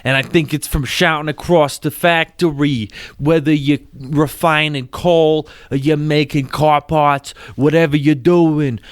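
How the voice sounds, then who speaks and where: A man co-hosting a comedy podcast talks fast and eagerly, tossing out theories padded with "you know." His voice is smooth and clean, and the sound is dry and close. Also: a little high, steady tone, no room sound. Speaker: podcast co-host. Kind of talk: casual comedy chat.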